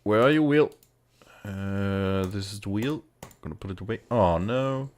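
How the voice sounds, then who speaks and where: A man's voice: on the low side, unhurried, darkish tone. A man co-hosting a casual live stream, talking to himself playfully while working at a computer. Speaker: co-host of a tabletop wargaming stream.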